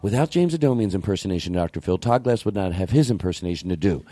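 A man's voice: low voice, animated, racing, mellow. A man hosting a comedy podcast, talking in an emphatic, rambling, profane way. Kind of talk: casual comedic podcast chat.

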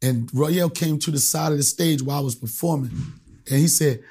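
A middle-aged comedian from the Washington area, telling a story in an interview, acting out quoted voices and swearing freely. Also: male voice, brisk, a little mellow, slightly rough. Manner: acts out quoted voices, jumps pitch and volume for punchlines, swears freely. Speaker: comedian guest. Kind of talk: animated storytelling in a podcast interview.

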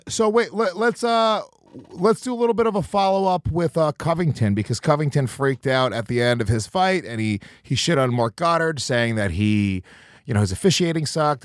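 A man's voice: medium pitch, no room sound, studio quality. A man hosting a podcast, talking in rambling, self-deprecating banter with plenty of swearing. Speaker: podcast host.

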